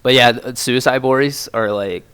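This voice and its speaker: A man's voice: medium pitch, a little slow, fairly bright tone, smooth, no room sound. A young man from Ohio co-hosting a podcast, talking in a laid-back, rambling way full of slang and "like" and "dude". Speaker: podcast co-host. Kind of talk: casual chat.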